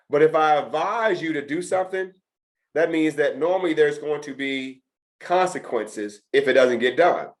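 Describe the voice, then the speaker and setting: A middle-aged man teaching a test prep session to students, talking emphatically and repeating his key points. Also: mid-range voice. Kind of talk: lecture to students.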